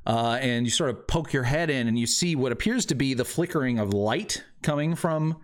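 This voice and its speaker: A man's voice: mid-range voice, expressive, moderate pace. A man narrating a tabletop game as game master, loose and rambling, with lots of fillers.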